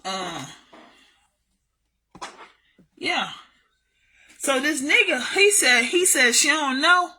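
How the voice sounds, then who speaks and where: Woman vlogger, high voice, very sharp tone, profane storytelling, repeats for emphasis. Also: very animated, takes it slowly, a little hiss or hum. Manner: blunt, heavily profane, emphatic. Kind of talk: casual storytelling monologue.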